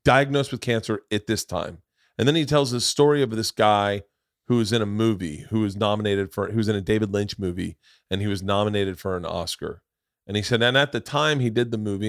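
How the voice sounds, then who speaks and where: A man's voice: on the low side, brisk, no room sound, clean studio sound. A man hosting a podcast in casual chat, rambling and restarting his sentences often. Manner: rambling, with many restarts and stammers. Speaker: podcast host.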